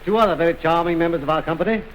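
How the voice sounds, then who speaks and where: A man's voice: on the high side, rapid-fire, muffled recording, a little hiss or hum. A man presenting a 1920s film trailer, introducing the cast in a courtly, formal way and scolding them politely in jest.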